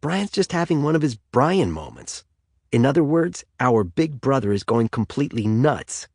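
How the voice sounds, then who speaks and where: A man's voice: medium pitch, big pitch swings, normal speed, a little mellow, husky, no room sound, clean studio sound, pitched above the performer's own voice. A man voicing a playful teenage boy who clowns around and mimics an Irish accent. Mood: teasing. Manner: playful, mock Irish put-on.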